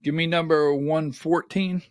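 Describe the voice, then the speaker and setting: A middle-aged man hosting a livestreamed political commentary show, talking in an animated, rhetorical way, often asking "right?" and rising to near-shouting when worked up. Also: a little high, a little slow, dry recording, studio quality. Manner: talks while fumbling with on-screen clips.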